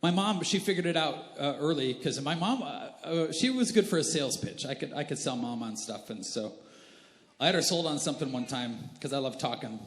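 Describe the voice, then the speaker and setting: A pastor in his thirties, his voice a little high, animated and fairly quick, tells funny family stories during a sermon, poking fun at himself and chatting with asides to the congregation. It's humorous sermon storytelling in a large church hall, and the recording is roomy with a long reverb.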